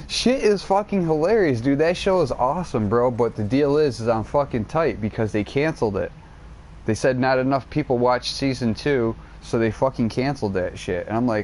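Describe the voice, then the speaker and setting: A man streaming a game, rambling in casual chat and retelling a show in an excitable, foul-mouthed, slang-heavy way. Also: mid-range voice, fairly quick, slight background noise. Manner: profanity-laden, excitable storytelling, heavy slang.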